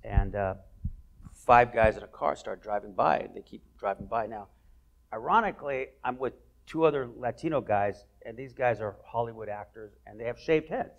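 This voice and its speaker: A man hosting an onstage conversation at a college event, telling stories in an animated, playful way. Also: mid-range voice, normal speed, creaky, dull audio. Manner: animated storyteller, playful asides. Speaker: host.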